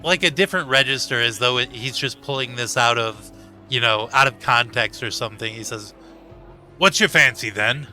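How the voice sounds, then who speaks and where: Bright-voiced man running a tabletop game. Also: mid-range voice, a little fast, faint music behind. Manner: filler-heavy, chuckling narration. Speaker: game master.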